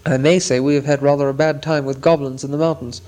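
Gandalf, an old and wise storybook wizard, courteous and measured as he talks, as a man reading aloud puts him on. The voice sits a bit higher than a usual man's. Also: steady tone, a little mellow, close to an everyday voice, poor audio.

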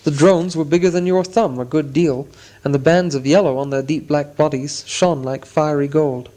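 A man narrating a storybook in a steady, descriptive audiobook reading. His voice sits slightly higher than most men's. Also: moderate pace.

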